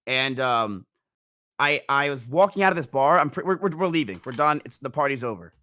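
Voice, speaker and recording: A young man in casual chat, telling a rambling, animated story with frequent restarts. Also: mid-range voice, fairly quick. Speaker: streamer guest.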